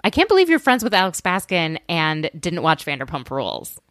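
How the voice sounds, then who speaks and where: A woman's voice: on the low side, huge pitch swings, fairly quick, a bit bright, dry recording, studio quality. A woman hosting a podcast in casual chat, laughing often and trailing off mid-sentence. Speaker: podcast host.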